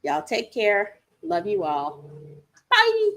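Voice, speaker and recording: A woman's voice: mid-range voice, wildly swooping pitch, slow, fairly bright tone. A woman co-hosting a casual chat podcast who talks playfully and laughs often. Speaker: podcast co-host.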